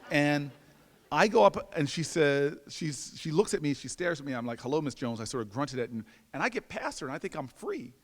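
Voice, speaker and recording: Male lecturer, lively self-mocking storyteller, raised pitch swinging widely, reverberant hall. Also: moderate pace. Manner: animated, self-mocking, with stammered repeats. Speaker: guest lecturer. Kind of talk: storytelling speech.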